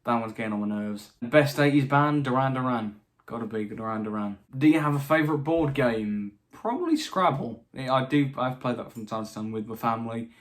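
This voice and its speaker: A man's voice: mid-range voice, brisk, few pauses. A young British man answering viewer questions in a casual chat, with frequent restarts and dry asides, his voice a little tired late at night. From Britain. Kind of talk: casual Q&A monologue.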